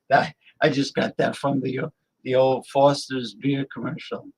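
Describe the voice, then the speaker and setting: A man's voice: medium pitch, fairly even intonation, a little slow, creaky, a little mellow, husky, low-quality recording. A man hosting a show, casually commenting on video clips in a rambling way and laughing at his own jokes. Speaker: show host reacting to videos.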